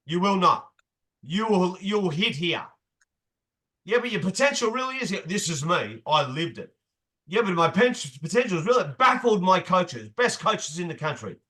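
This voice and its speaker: A man's voice: high voice, sing-song, normal speed, bright, forceful tone. A man leading a motivational group session as coach, emphatic, repeating key phrases and swearing casually.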